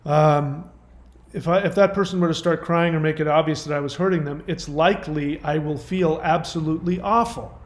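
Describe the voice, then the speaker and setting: A man speaking in a fairly high voice, blunt and emphatic. He mixes pointed commentary with personal stories. The sound has a roomy echo around it. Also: fairly even intonation, normal speed. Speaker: host. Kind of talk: commentary on a viewer's message.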